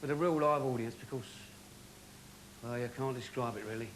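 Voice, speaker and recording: A man's voice: medium pitch, fairly even intonation, a little fast, slight background noise, pitched below the performer's own voice, natural voice. A man impersonating a brash, cheeky old music-hall comedian, trading patter and singing snatches of songs. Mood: reflective.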